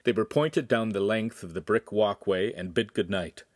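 A man reading a young adult novel aloud in calm, scripted narration. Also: lowish voice, moderate pace, dry recording, studio quality. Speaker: audiobook reader.

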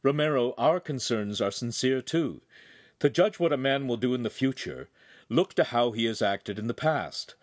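A shrewd, jovial ruler, voiced by a male reader in an audiobook. He speaks in a grand, measured way. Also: mid-range voice, lively intonation, dry recording, clean studio sound, natural voice. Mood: genial. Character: powerful older male ruler, genial and shrewd. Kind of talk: audiobook character voice.

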